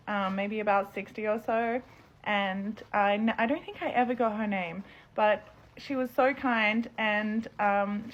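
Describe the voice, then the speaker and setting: A woman, telling a casual storytime, gentle and reflective. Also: mid-range voice.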